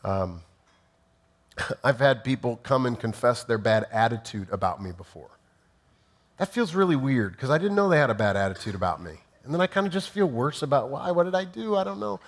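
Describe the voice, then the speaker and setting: A man's voice: medium pitch, big pitch swings, normal speed. A man preaching a sermon, teaching in numbered points and briefly acting out sample apologies. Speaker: pastor.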